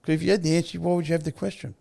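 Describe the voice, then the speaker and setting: An older man with an Australian accent, a podcast guest telling his story candidly, blunt and quick to swear. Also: on the high side, vocal fry. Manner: blunt, swears freely, animated retelling.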